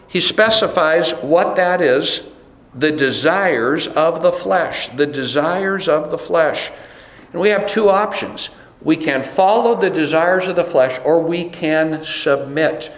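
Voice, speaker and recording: Slow, emphatic preaching man in a roomy church. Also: fairly high pitch. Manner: emphatic preaching, repeats phrases for stress. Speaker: pastor. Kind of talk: sermon. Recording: roomy echo.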